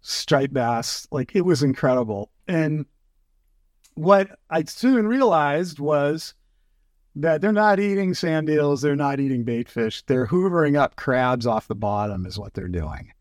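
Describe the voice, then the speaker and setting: A man's voice: on the high side, expressive, unhurried, no room sound, clean studio sound. A man telling fishing stories in casual chat, acting out quotes with lots of fillers. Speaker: fly fishing guest.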